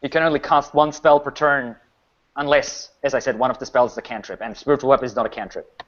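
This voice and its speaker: A man's voice: mid-range voice, steady tone, quick pace, a bit bright. A man running a tabletop game as game master, narrating attacks and explaining rules firmly, with frequent restarts. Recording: muffled lo-fi recording.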